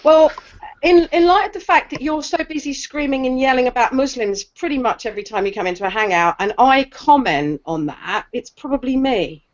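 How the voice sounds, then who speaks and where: A woman's voice: high-pitched, a little fast. A woman arguing sarcastically in a casual online chat, often stammering as she restarts, over lo-fi call audio. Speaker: guest in online hangout.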